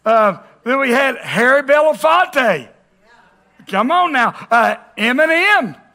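A male pastor preaching a sermon, animated and joking, bursting into shouts. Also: extremely high pitch, takes it slowly.

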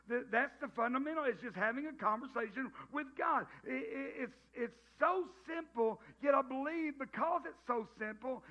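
High-voiced Southern pastor, folksy. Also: male voice. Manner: folksy, joking, with frequent restarts. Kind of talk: sermon. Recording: dull lo-fi sound.

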